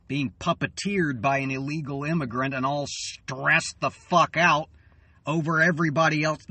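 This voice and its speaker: A man in an angry, swearing political rant, tired and fuming, halting and then bursting out loud. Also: a little high, steady tone, dry recording. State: weary and fuming. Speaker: channel host.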